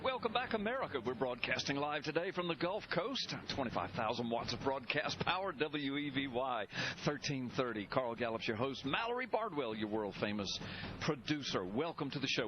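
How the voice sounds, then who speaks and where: A man hosting a talk radio show, delivering an emphatic, indignant monologue with a preacher-like cadence, on muffled broadcast audio. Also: mid-range voice.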